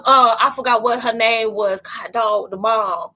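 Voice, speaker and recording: A woman's voice: medium pitch, steady tone, measured pace, hardly any pauses, sharp tone. A middle-aged woman hosting a casual live chat, talking straight to her viewers, laughing and telling stories as she reads the comments. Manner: chatty, laughing, talks to viewers directly. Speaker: livestream host.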